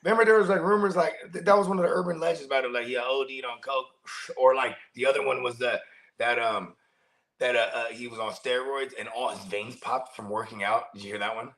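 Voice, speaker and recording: A man's voice: medium pitch, fairly quick, a bit bright, rough recording. A man co-hosting a podcast, telling long stories in casual, profane chat full of slang. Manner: profane, rambling storyteller with slang. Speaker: co-host.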